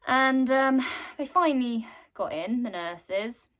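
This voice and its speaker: A woman's voice: fairly high pitch, lively intonation, takes it slowly, fairly bright tone. A young woman casually retelling a game's story in a chatty way, with lots of fillers. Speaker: content creator.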